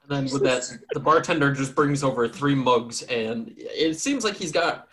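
A man's voice: mid-range voice, normal speed, bright, forceful tone. A man narrating a tabletop game as game master in a casual, rambling way, often laughing.

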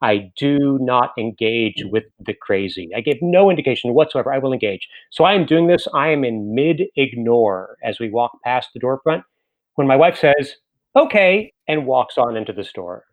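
A man telling a comic story to an audience, with dry, deadpan delivery and frequent restarts. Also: medium pitch, normal speed, phone-quality sound.

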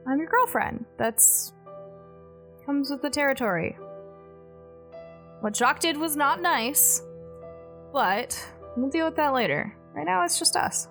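A woman's voice: high voice, expressive, unhurried, pauses often, soft background music, exaggerated voice. A woman voicing her character, a devoted girlfriend who comforts and jokes dryly. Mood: tender. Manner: soft, reassuring, wry.

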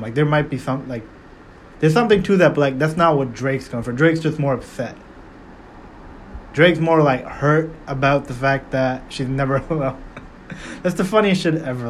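A young man rambles through casual comedic commentary with a sarcastic edge, swearing freely and stacking up rhetorical questions. His voice sits at an ordinary middle pitch, with a faint hiss of noise behind it. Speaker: podcast host.

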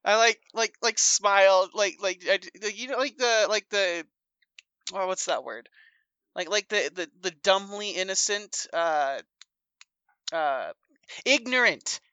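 A woman's voice: medium pitch, lively intonation, unhurried, fairly bright tone, clear, resonant tone, no room sound, highs cut off. A woman playing in a tabletop game who chats in a giggly, scatterbrained way. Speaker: player. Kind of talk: casual tabletop game chat.

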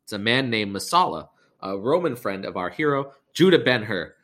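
A man's voice: fairly low pitch, big pitch swings, normal speed, a bit bright. A man hosting a podcast, retelling a film in a rambling, sarcastic and profane way. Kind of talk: comedic film recap.

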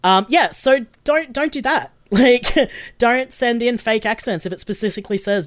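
A woman's voice: on the high side, lively intonation, a little slow. An Australian woman who produces and casts a show, chatting casually on a podcast, laughing often and swearing freely. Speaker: producer and casting director.

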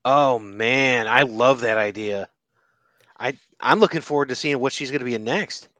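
A man co-hosting a podcast, talking casually and haltingly with plenty of fillers. His voice sits in an ordinary middle pitch. The sound is dry and close, with no room echo. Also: a bit bright. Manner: hesitant, trailing off with fillers. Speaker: podcast co-host. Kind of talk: casual chat.

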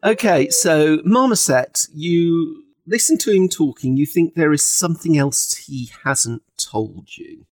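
A woman's voice: low voice, a little slow, hardly any pauses, no room sound. A British woman running a tabletop game as game master, narrating with wry humour. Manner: wry, chuckling, lively narration.

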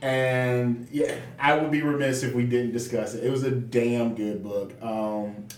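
A man's voice: mid-range voice, flat delivery, unhurried, recorded from a distance. A man co-hosting a casual comic book podcast, rambling with lots of fillers and restarts. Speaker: podcast co-host. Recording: echoey room, off-mic, faint noise.

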